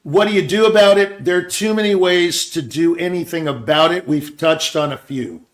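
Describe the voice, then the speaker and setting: A man's voice: fairly high pitch, normal speed. An older man hosting a talk show, rambling and thinking aloud in casual conversation. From Scottsdale, Arizona area. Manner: rambling, restarts, quotes others in put-on voices. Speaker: show host.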